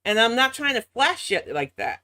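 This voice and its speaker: A woman's voice: fairly high pitch, huge pitch swings, normal speed, sharp tone, no room sound. An American woman hosting a reaction commentary, blunt and sarcastic, swearing freely. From United States. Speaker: commentary channel host.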